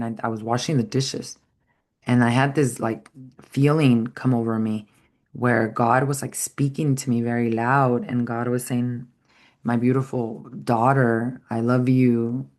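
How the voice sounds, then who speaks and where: A woman's voice: rumbling low, darkish tone. A woman giving an earnest, heartfelt spiritual teaching talk, rambling at times with frequent fillers.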